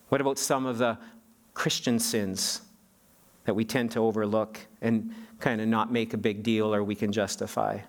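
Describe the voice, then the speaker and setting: A man preaching a sermon as pastor. He speaks emphatically and often restarts and repeats his words. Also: fairly low pitch.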